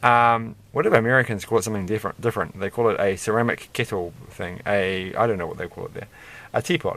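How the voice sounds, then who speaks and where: A man's voice: lowish voice, fast, a bit bright. Rambling man chatting while building Lego. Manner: chatty, rambling, self-amused asides. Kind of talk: casual rambling build commentary.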